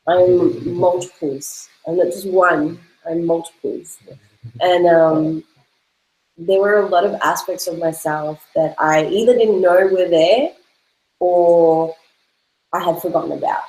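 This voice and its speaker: A woman's voice: lowish voice, fairly even intonation, takes it slowly, a little mellow, reverberant, low-quality recording. A woman speaking in a casual question-and-answer chat, earnest and searching for words, laughing at herself now and then. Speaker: host's girlfriend, guest.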